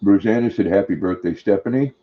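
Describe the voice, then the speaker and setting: A man's voice: lowish voice, brisk, lo-fi sound. An older man hosting a casual live stream, chatting affectionately and talking sweetly to his dog.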